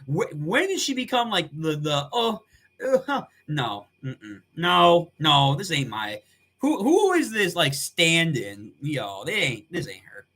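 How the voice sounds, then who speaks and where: Dude live-streaming a reaction, slangy and swears a lot, voice jumps all over, kinda high. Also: male voice, slow. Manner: animated, slangy, swears casually, laughs often. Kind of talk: casual live reaction commentary.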